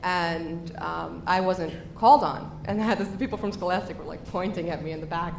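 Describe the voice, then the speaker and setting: A woman's voice: on the low side, brisk, creaky. Upbeat woman host, echoey live room. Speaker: podcast co-host. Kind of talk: live podcast hosting. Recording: echoey noisy live event recording.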